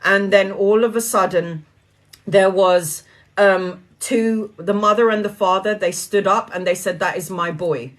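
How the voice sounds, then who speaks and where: A woman speaking earnestly to viewers in a casual spiritual talk, preachy and quick to laugh. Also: mid-range voice, steady tone. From Brazilian heritage.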